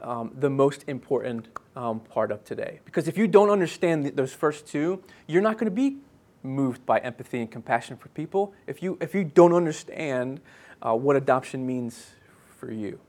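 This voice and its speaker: An earnest man in his thirties delivers a sermon as pastor, his voice at a middling pitch. He talks in halting bursts full of restarts and fillers. On key phrases he softens and slows right down. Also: lively intonation.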